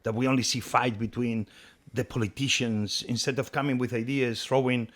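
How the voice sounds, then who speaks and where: Halting man with a Spanish accent. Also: medium pitch, steady tone, fairly bright tone. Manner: halting, searching for words. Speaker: podcast host. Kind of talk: interview questions.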